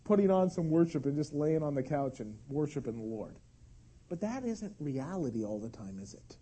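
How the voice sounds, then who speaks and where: A man in his thirties delivers a sermon, his high voice swinging widely in pitch as he tells a story. His tone carries a husky edge. He acts out cries and shouts within the story. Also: expressive, moderate pace. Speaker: pastor.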